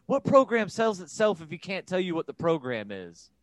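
A man's voice: high-pitched, very animated, moderate pace, no echo, pitched above the performer's own voice. A man voicing an exasperated, blunt father who scolds his son and cusses in disbelief. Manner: incredulous, cussing.

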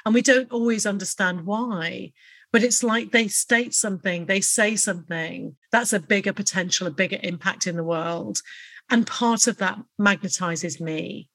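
A woman hosting her own podcast, speaking alone in an unhurried, earnest and reflective way. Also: mid-range voice, gravelly, a bit bright. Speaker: podcast host. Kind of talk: solo motivational podcast talk.

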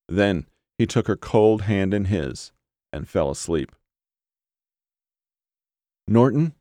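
A man reading a horror story aloud in a measured, steady storytelling manner, on a close microphone. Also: low voice, no room sound. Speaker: audiobook narrator. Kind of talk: scripted horror narration.

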